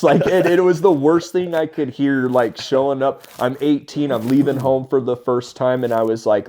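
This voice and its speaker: A man in his thirties telling stories as a podcast guest, animated and often laughing as he talks. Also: medium pitch, normal speed, few pauses. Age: 30s. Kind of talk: casual storytelling.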